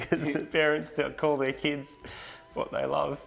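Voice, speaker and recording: A man's voice: on the high side, level tone, slow pace, vocal fry, soft background music. A man co-hosting a casual show, laid-back and chuckling, stumbling into his stories. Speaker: co-host. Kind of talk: casual banter.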